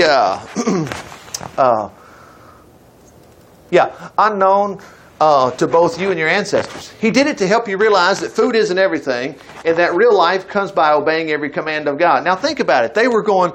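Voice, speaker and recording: Lively high-pitched male preacher. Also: a little hiss or hum. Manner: lively, emphatic, folksy preaching with asides. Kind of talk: sermon.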